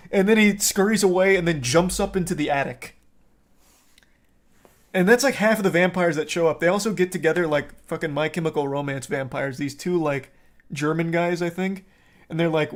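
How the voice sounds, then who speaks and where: A man's voice: sits high, moderate pace. A young man streaming, recapping a film in a sarcastic, profane, rambling way. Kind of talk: casual chat.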